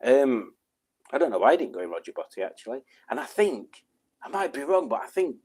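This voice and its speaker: A man's voice: mid-range voice, sing-song, brisk, a little mellow. A man chatting casually on a live stream, reading out viewers' messages, rambling with ums and chuckles.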